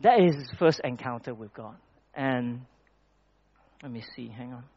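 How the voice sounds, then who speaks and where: A man delivers a sermon at a middle pitch in a relaxed, conversational way, stumbling and restarting now and then. The recording is dull and lo-fi, with muffled highs. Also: unhurried. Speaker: preacher. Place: church hall with projected slides.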